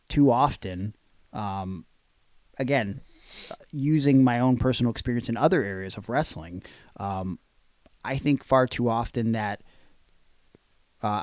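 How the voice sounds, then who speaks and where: A man's voice: fairly low pitch, darkish tone, no echo. Blunt, profane podcast man, dry close sound. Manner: blunt, profane, rambling with fillers. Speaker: podcast co-host, wrestler. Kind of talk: casual chat.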